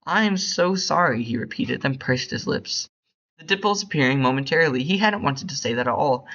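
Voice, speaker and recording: A young man reading a short story aloud in a bored, hurried way, stumbling over words. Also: medium pitch, expressive, fairly bright tone, highs cut off. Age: young adult. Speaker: reader.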